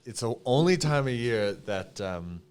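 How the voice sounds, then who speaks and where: A young man with a Canadian accent, a podcast guest telling stories in a casual, emotional, animated way with many fillers. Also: mid-range voice, measured pace, clear, resonant tone. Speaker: podcast guest, clothing company co-founder.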